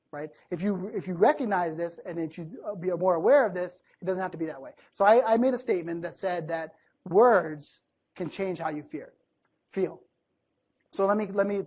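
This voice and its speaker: A man's voice: high-pitched, a little mellow. A man giving a motivational talk to a live audience in a room. He speaks conversationally, keeps checking in with "right?", and acts out sample lines.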